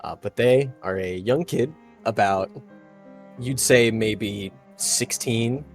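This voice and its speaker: A man narrating a tabletop game as game master, describing scenes in unhurried detail. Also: fairly low pitch. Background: faint background music.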